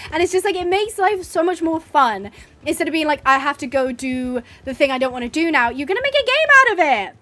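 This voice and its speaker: A woman's voice: high voice, fairly bright tone, slight background noise. A woman chatting casually and laughing while playing a horse game as a streamer. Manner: chatty, giggly, rambling. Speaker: gaming streamer.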